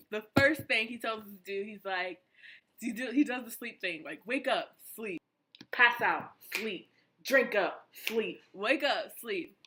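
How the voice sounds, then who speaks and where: Young adult woman vlogger, bright and sharp-edged, lively slangy retelling. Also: mid-range voice. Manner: animated, slangy, excited retelling. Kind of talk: casual storytime vlog.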